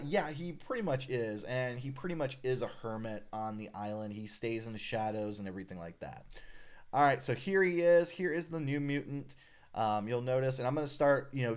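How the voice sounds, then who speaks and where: A man's voice: medium pitch, normal speed, clear, resonant tone. A man hosting a casual live stream, chatting loosely with many fillers and reading viewer comments. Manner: relaxed, friendly, many "uh"s, reads viewer comments aloud. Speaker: live stream host, designer of a character art project.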